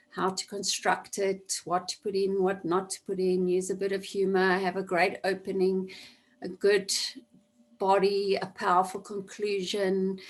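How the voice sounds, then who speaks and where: A woman teaching an online class over a video call, explaining a task step by step and repeating key points for emphasis. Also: mid-range voice. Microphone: computer mic on video call.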